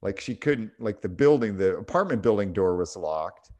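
A man's voice: on the low side, expressive, moderate pace, a little mellow, lo-fi sound. A middle-aged man telling a story on a casual spiritual podcast, reflective and full of small restarts. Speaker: podcast co-host.

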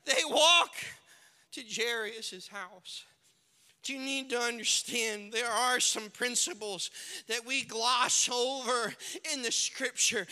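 Man, pastor, sermon, slow deliberate delivery, long hall reverb. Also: very high voice, smooth. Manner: swings from hushed storytelling to shouted preaching, acts out characters.

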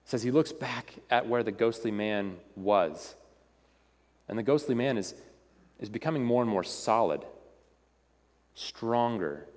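An earnest male preacher builds his sermon through repetition and frequent restarts. His voice sits in a middle pitch. It rings out with a long reverb, as in a church hall.

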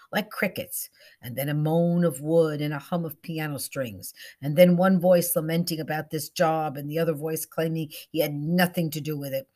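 A woman reading a story aloud with expression, dropping to soft whispers at tense moments. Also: low voice. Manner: expressive, shifting into soft whispers and raised character voices.

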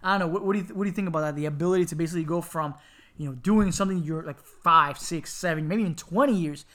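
A man's voice: on the high side, rapid-fire. Chatty man co-hosting a casual podcast. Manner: animated storyteller, jokey, often breaks into loud laughing impressions. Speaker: podcast co-host.

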